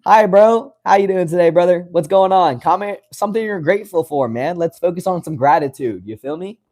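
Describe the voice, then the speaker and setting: Young livestream host from West Virginia, slightly high voice, easygoing, keeps calling viewers brother. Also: male voice, a little fast, a little mellow. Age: 20s. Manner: friendly, calls viewers brother, laughs often. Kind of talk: casual livestream chat reading comments.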